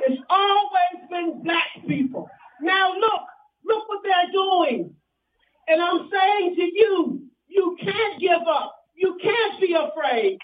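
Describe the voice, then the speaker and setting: A woman's voice: very high-pitched, lively intonation, slow pace, lo-fi sound. An older woman from Alabama gives a fiery rally speech in a call-and-response preaching cadence over a public address system outdoors. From Alabama, US South. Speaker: rally speaker.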